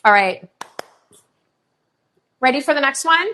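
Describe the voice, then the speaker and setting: A middle-aged woman hosts a live online sale with a bright, forward voice that sits a little high. She chats in a bubbly, gushing way and breaks off into quick countdowns between items. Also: expressive. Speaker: live shopping host. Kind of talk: live online sales show.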